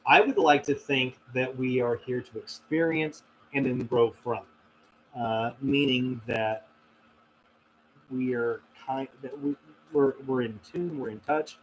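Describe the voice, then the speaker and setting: A man's voice: mid-range voice, slight background noise, low-quality recording. Rambling, reflective man answering viewer questions. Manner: rambling, reflective, many fillers and restarts. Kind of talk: casual livestream Q&A.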